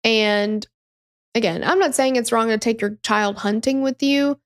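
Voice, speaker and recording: A woman's voice: fairly high pitch, a little slow. Casual, swearing woman telling a story. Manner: conversational, swears freely, emphatic. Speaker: true crime podcast host.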